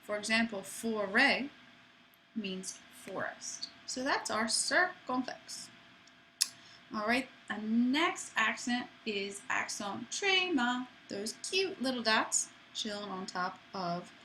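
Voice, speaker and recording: A woman's voice: on the high side, slow pace, pushed and bright, a little hiss or hum, rough recording. A woman teaching a French lesson to students in a chatty way, with playful asides. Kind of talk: classroom lesson.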